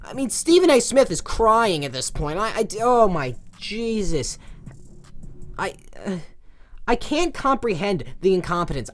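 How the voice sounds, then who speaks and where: This is a young sports commentator venting his opinion with passion and frustration. His voice swings from loud eruptions down to low mumbles.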